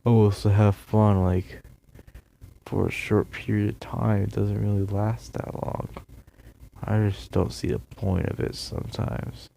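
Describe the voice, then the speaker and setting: A man with a lowish, gravelly voice rambles through a solo video rant. He sounds tired and yawny, and keeps drifting off topic into sarcastic asides. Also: flat delivery, a little slow, dark tone, a little hiss or hum. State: tired, yawning. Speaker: YouTuber.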